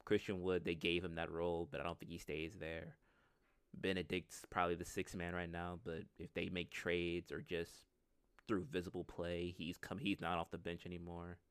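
Deep-voiced man in loose sports chat. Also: little pitch movement, moderate pace, smooth, dry recording. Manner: loose, rambling, laughs often. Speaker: podcast co-host.

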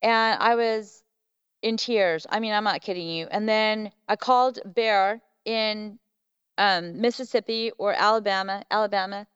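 A woman guest on a podcast telling a personal story in a casual, animated way, acting out what people said. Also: mid-range voice, a little slow, clean tone, dry recording. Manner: animated, acts out quoted voices. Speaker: podcast guest, Bigfoot researcher. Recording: dull lo-fi, dry.

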